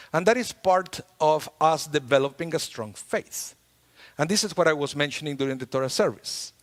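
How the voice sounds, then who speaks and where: A man giving a sermon as a rabbi, talking in a conversational, lively way with playful humor. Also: a little high. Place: synagogue sanctuary. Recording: long hall reverb in a large sanctuary.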